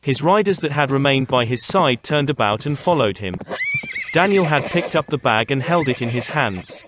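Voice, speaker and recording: A man narrating an audiobook in a steady storytelling voice. His pitch is middling, and the recording is dry and close. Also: no room sound. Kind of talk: scripted narration.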